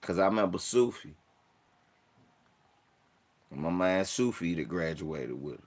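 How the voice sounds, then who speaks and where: A man in his forties spins profane stories at an unhurried pace. His pitch leaps and dips as he acts out the people in them, and he breaks into laughter often. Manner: profane, laughs often, animated story voices. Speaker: podcast host telling stories. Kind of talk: casual storytelling chat.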